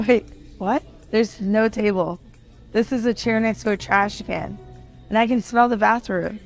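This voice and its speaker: A woman playing a composed investor who calmly insists on being seated and served. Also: medium pitch, measured pace, soft background music, lightly acted. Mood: insistent. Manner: calm, insistent. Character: composed female investor customer.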